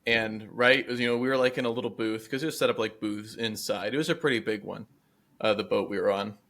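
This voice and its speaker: Brief: young male podcast co-host spinning a loose, animated anecdote. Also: fairly low pitch, fast talker. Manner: animated, rambling with many fillers. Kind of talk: casual storytelling chat.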